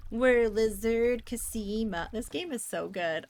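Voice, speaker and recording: A woman's voice: mid-range voice, unhurried, gravelly, hardly any pauses. A woman from the Netherlands chatting casually as she streams a game, bubbly and talkative while reading chat aloud. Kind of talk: casual gameplay commentary.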